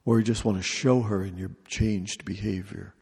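A man leading a retreat, speaking slowly and deliberately in short repeated phrases. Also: lowish voice, steady tone, creaky, a little mellow, husky. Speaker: retreat leader. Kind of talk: retreat talk on prayer. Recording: long reverb of a large hall.

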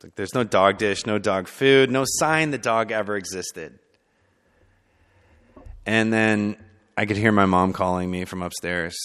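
Deep-voiced man telling a personal story. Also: unhurried, clear, resonant tone. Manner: conversational, many fillers, shifts between soft and emphatic. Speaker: speaker sharing personal testimony. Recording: long hall reverb.

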